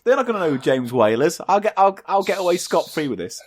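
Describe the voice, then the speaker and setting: A man's voice: sits high, sing-song, fast. A man on a comedy podcast, improvising a daft children's story and bantering back defensively. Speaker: podcast co-host.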